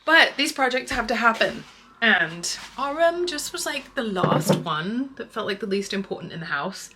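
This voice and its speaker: A woman in her thirties chatting casually to camera at home in a family vlog, reflective and talkative, with soft laughs. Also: on the high side, big pitch swings, normal speed, a little hiss or hum. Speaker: family vlogger.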